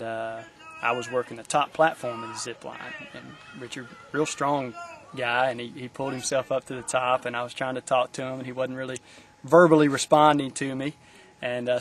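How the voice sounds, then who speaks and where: A man on the camp staff telling a personal story in an interview, in a halting way with many fillers and repeats. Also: medium pitch.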